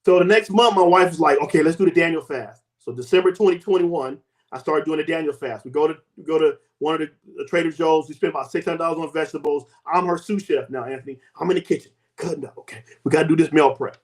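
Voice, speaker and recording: High-voiced man telling his story animatedly. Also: fast. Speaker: guest. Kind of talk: personal testimony.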